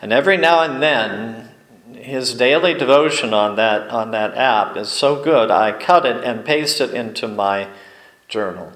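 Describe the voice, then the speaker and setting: A male pastor preaching from the pulpit, spinning folksy anecdotes with unhurried, deliberate pauses. His voice rings through a roomy church sanctuary, and it sits at an ordinary middle pitch for a man. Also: a bit bright. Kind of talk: sermon.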